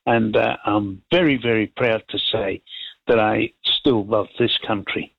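A man's voice: fairly low pitch, fairly even intonation, a little slow, creaky, husky, no echo, muffled recording. An older man calling in to a radio talk show, chatting in a rambling, heartfelt way. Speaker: caller. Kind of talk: casual radio call-in chat.

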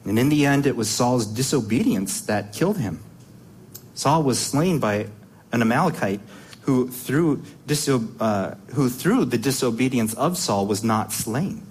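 Male preacher, mid-pitched voice, emphatic sermon delivery, rhetorical questions, repeats himself on restarts. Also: animated, unhurried, slight background noise.

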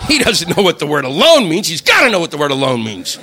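A male stand-up comedian ranting profanely through a routine and shouting out mocking quotes. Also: on the high side, huge pitch swings, a little fast, few pauses, noisy background.

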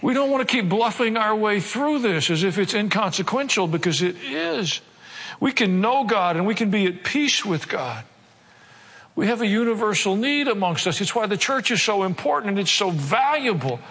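A man preaching a sermon as pastor, earnestly asking his congregation rhetorical questions and slowing down to stress key points. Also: high-pitched, animated, fairly bright tone, long reverb tail. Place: church sanctuary.

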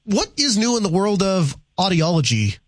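A man's voice: high voice, big pitch swings, moderate pace, no echo, clean studio sound. A man hosting a radio talk show in an easygoing way, sometimes stumbling over his words.

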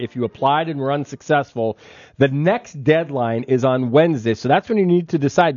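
A man hosting morning radio, reading station info and trading quick, teasing banter. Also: medium pitch, darkish tone, dry recording. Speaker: radio host. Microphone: studio microphone. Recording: dry, slightly muffled radio studio.

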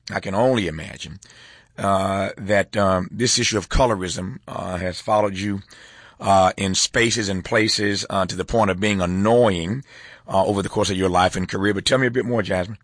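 A man hosting a broadcast interview, asking questions with a halting manner and frequent filler sounds. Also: fairly low pitch, a bit bright, no echo, studio quality. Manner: hesitant, many filler sounds. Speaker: interview host.

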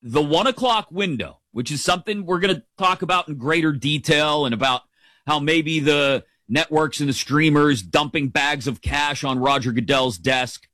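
A man's voice: mid-range voice, dry recording. A man hosting a casual football show, opinionated and playful, with a middle-range voice. The recording is dry, with almost no room sound. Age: adult, father of a teenager. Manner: animated, jokey, opinionated. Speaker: sports podcast host.

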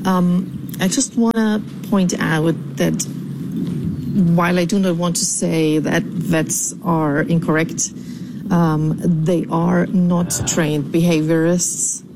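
A woman calling in to a podcast with a recorded voicemail, speaking deliberately with frequent ums. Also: fairly low pitch, steady tone, background noise. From California. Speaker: caller.

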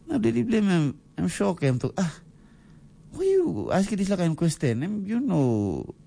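A man's voice: wildly swooping pitch, moderate pace, creaky, mellow, heavily acted. A man with a Papua New Guinean accent voicing a stern, irritated father scolding his small son. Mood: shocked. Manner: high scolding exclamations.

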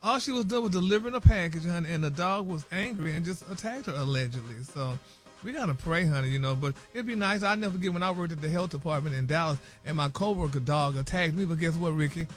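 A man reading celebrity news on a radio morning show, animated and gossipy, sprinkling in "y'all" and "honey". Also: fairly high pitch, quick pace, faint music behind.

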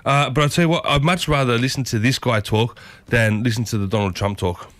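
A man's voice: medium pitch, fairly quick, fairly bright tone, dry recording. Upbeat radio host man. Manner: chatty, upbeat, addresses listeners as folks. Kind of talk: breakfast radio chat. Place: radio studio.

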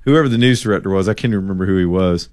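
Storytelling radio host, low voice. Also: male voice, racing. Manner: animated storyteller, acts out quotes. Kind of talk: casual storytelling talk radio.

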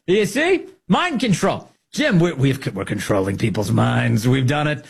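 A husky man hosting a political podcast, teasing and sarcastic as he talks over clips. He laughs often and tosses in quick asides, keeping his voice at an ordinary middle pitch. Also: sing-song. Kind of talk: casual political commentary.

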